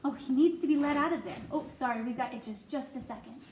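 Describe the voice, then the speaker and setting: A woman reads a children's novel aloud, expressive and breaking off for chatty asides. Her voice sits high, the room is echoey, and a faint hiss runs underneath. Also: quick pace. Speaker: storyteller.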